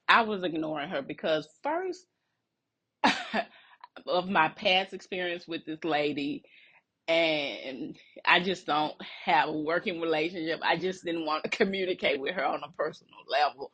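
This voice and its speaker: A woman telling a workplace story in a casual, animated and indignant way, laughing between phrases. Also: low-pitched, measured pace, husky.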